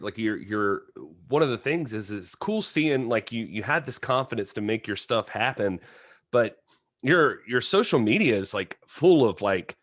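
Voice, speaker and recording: A man's voice: mid-range voice, fairly bright tone, dry recording. Rambling podcast host man, dry sound. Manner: rambling, hesitant questions full of fillers. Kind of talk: casual interview chat.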